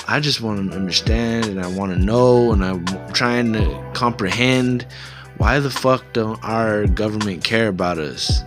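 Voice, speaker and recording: A man's voice: on the low side, measured pace. A man hosting a reaction video, talking back to a clip in an incredulous, emphatic way and swearing heavily. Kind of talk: profane reaction commentary. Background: background music.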